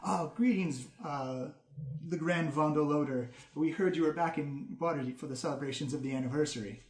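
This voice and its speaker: A courteous, formal female envoy, voiced by a man in a tabletop game, in a voice close to his own, slightly high. The room gives it a clear echo. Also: a little fast, close to an everyday voice. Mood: polite. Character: polite female guild envoy returning items.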